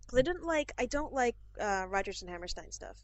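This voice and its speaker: A woman's voice: on the high side, expressive, brisk, no echo. A woman co-hosting a podcast in casual chat, rambling along with plenty of fillers. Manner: chatty, rambling, with many fillers. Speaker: podcast co-host. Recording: dull lo-fi podcast recording.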